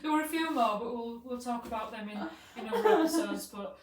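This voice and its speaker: A woman co-hosting a podcast, telling stories in an animated, sweary way. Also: fairly high pitch, fast talker. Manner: animated storytelling, swearing, laughing through. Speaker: podcast co-host. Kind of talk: casual chat, storytelling. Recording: roomy, distant mic, faint background hum.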